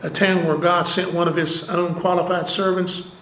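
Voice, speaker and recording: A man's voice: high voice, little pitch movement, normal speed, a bit bright, a little hiss or hum. A man preaching a sermon as pastor, earnest, with rhetorical questions and conversational asides, recorded in a church sanctuary. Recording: roomy church echo.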